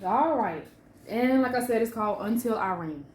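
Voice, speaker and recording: A woman author sharing a personal story with emphatic, animated delivery, then reading from her book. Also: a little high, normal speed, a little hiss or hum. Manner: emphatic and animated, with swings in loudness. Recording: echoey room.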